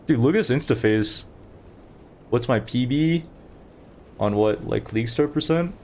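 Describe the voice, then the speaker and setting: A man's voice: medium pitch, lively intonation, unhurried, darkish tone, slight background noise. A young man streaming a game, chatting casually and rambling to his viewers while he plays. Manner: chatty, rambling, talks to chat while playing. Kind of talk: casual gameplay commentary.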